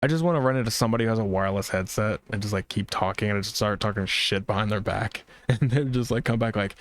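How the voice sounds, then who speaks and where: A man with a lowish voice chats casually on a live gaming stream. He rambles through his thoughts, swears freely and addresses the viewers directly. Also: fast, few pauses, no room sound.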